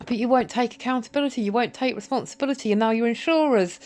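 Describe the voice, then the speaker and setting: A woman's voice: a little high, fast talker, few pauses, a little mellow. A woman speaking a bitter, confrontational, profane monologue straight to camera, addressing an absent person. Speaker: vlogger. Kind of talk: emotional direct-to-camera monologue.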